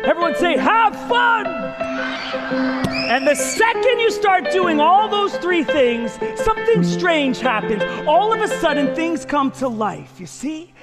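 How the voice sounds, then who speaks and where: Man, magician, high voice, lively call-and-response with kids, loud music underneath. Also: measured pace, hardly any pauses. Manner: animated, call-and-response with audience. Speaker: maker magician giving keynote. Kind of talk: performing magic show for kids.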